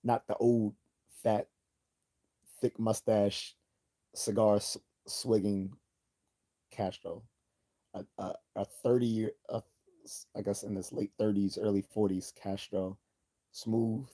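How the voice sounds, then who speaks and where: A man hosts a casual livestream, reading chat and telling stories with animated energy and frequent laughter. His voice sits fairly low and sounds dark and mellow. It has a slightly husky edge. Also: slow pace, long pauses. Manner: animated storytelling, acts out quotes, laughs often.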